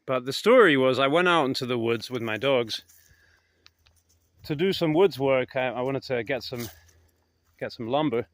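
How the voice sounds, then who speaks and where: Guy rambling through a story in the woods, mid pitched, kinda hesitant, trails off, dry sound. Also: normal speed, pauses often, fairly bright tone, no room sound. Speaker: vlogger. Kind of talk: casual anecdotal storytelling.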